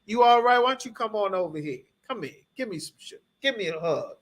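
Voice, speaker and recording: A man's voice: high-pitched, lively intonation, fairly quick. A man imitating a sweet cooing woman. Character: sweet, doting woman welcoming her man home.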